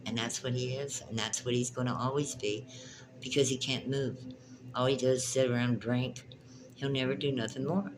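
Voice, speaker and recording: A woman's voice: a bass voice, background noise. A woman giving a spiritual tarot reading in a vlog, talking in an emphatic, passionate way and often repeating her phrases. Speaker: tarot reader and spiritual teacher.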